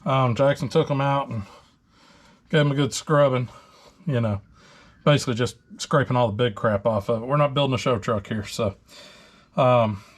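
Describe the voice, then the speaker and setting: A man's voice: mid-range voice, normal speed, long pauses. Chatty man wrenching in a garage. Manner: relaxed, chatty, talking while wrenching with many fillers. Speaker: host of a truck repair channel. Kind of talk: casual workshop talk-through.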